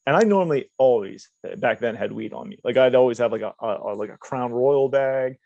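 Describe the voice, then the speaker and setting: On a casual podcast, a young man co-hosting tells rambling, profane stories and laughs along the way. His medium-pitched voice is gravelly and darkish, and he talks a little fast. The lo-fi recording is dull, with no echo.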